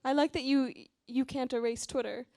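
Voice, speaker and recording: Casting: woman moderator at a live library talk, fairly high voice, encouraging, draws in the audience. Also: fairly even intonation, moderate pace, creaky, mellow. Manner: encouraging, invites the audience to share. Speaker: seminar moderator.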